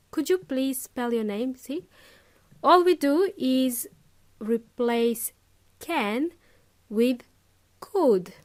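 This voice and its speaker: A woman teaching English on a podcast, speaking deliberately and repeating example phrases, laughing now and then. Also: a little high, darkish tone. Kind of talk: podcast lesson.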